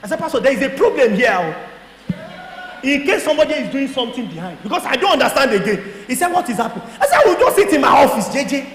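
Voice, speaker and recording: A Nigerian man telling a lively personal testimony to a church audience, acting out both sides of his conversations, at times laughing and shouting. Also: very high-pitched. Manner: storytelling, acts out dialogue, laughs and shouts. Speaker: guest speaker. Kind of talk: animated testimony talk. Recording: echoey hall with faint noise.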